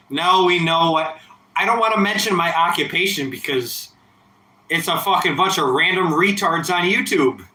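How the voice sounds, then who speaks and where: A man in his thirties livestreams late at night, drinking and a bit tipsy, talking in a profane, rambling, defiant manner during casual chat. His voice is on the high side, bright and forceful, at a moderate pace. The low-quality recording has an echoey room sound.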